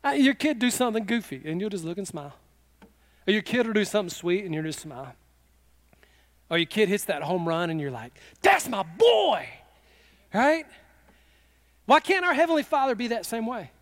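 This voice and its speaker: A middle-aged man preaching a sermon with fervor, slipping into quick acted quotes. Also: high voice, sing-song. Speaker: pastor.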